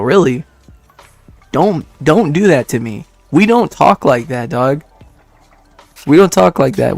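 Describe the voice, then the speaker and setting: A man's voice: a little high, no room sound. Rambling man in his twenties, laughing. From Detroit, United States. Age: 20s. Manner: rambling, laughs often, many fillers. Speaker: streamer. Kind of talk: casual chat with stream viewers.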